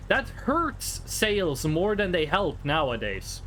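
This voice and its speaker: A man's voice: sits high, sing-song, unhurried, hardly any pauses, a bit bright, a little hiss or hum. A young Norwegian man with a Norwegian accent, chatting casually and jokily with his chat while streaming a game. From Norway. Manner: rambling, chatty, answers chat, jokey.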